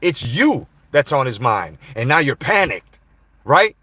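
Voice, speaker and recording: A man's voice: mid-range voice, sing-song, unhurried, pushed and bright, husky, no echo. A man hosting a live stream, confronting people directly in a heated, profane rant to his viewers. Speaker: livestream host.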